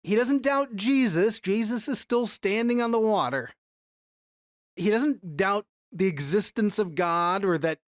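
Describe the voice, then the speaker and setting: A man's voice: high voice, unhurried, no room sound, clean studio sound. A man teaching a Bible lesson in a conversational way, reading scripture aloud with emphasis and asking rhetorical questions.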